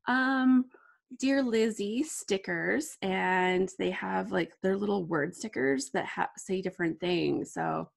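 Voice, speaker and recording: A gushing, chatty woman in her thirties hosts a live crafting stream. Her voice is medium-pitched with a noticeable gravelly fry, and she talks in a bubbly, easygoing way, sprinkling in plenty of "like.". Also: slow. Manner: bubbly, gushing, lots of "like" fillers. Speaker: scrapbooking livestream host. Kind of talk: casual live crafting chat.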